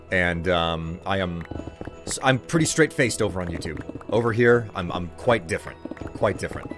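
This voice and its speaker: A man streaming himself gaming, chatting in a relaxed, rambling way that often corrects itself. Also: on the low side. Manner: rambling, self-correcting, chuckling. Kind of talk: laid-back live-stream chat while gaming.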